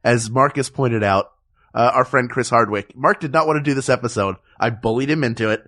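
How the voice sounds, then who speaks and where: A man's voice: medium pitch, fairly quick, a bit bright. A man co-hosting a comedy podcast, bantering casually and laughing often with his co-host.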